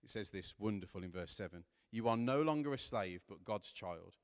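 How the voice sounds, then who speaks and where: A man's voice: fairly low pitch, lively intonation, moderate pace, clean tone. Earnest preacher man in a reverberant hall. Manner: earnest, rising to impassioned emphasis while reading scripture. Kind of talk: sermon.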